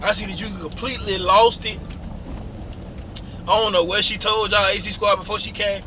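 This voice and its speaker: A man's voice: high voice, fairly even intonation, normal speed, bright, forceful tone, slight background noise. Exasperated man vlogging from a car. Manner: incredulous, exasperated, teasing. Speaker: vlog host, fiancé. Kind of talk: casual couple vlog chat. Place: inside a car while driving.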